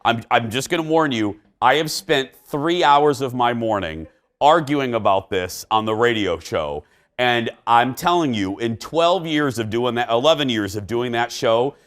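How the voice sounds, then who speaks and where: Animated male talk show host. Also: mid-range voice, unhurried. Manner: animated, fired-up and emphatic. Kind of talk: opinionated talk show chat.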